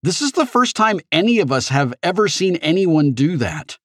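A man's voice: sits high, big pitch swings, normal speed, fairly bright tone, no room sound, clean studio sound, pitched above the performer's own voice, full character voice. A man voicing a nervous, lovestruck teenage boy who stammers and talks awkwardly and eagerly in an audiobook. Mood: smitten.

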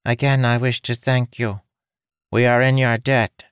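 A man's voice: mid-range voice, level tone, measured pace, clear, resonant tone, dry recording, studio quality, pitched above the performer's own voice, natural voice. A man voicing a nasal, formal male winged creature with a trunk in a storybook reading. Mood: formal, grateful. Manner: stiff, formal phrasing.

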